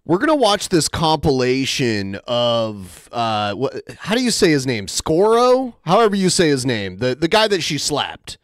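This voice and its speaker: Lively-voiced exasperated male co-host. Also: medium pitch, a little slow, few pauses, dry recording, studio quality. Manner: exasperated, wry, explaining. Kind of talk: commentary on clips.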